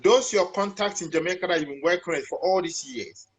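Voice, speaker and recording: A man's voice: high voice, brisk, slight background noise. A man hosting a casual interview, affirming his guest and stumbling over his words as he asks questions. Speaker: interviewer host.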